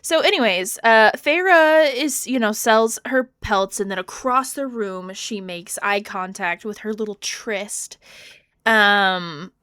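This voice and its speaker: Bright-voiced woman recapping a book. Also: medium pitch, slow pace, clear, resonant tone, dry recording, clean studio sound. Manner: profane, animated retelling with put-on quotes. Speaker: podcast co-host.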